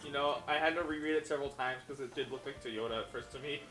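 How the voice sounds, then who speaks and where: A man's voice: mid-range voice, fairly even intonation, fast, fairly bright tone, reverberant, faint music behind. A man bantering and joking with friends during a game stream. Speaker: co-host. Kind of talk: casual let's-play chat.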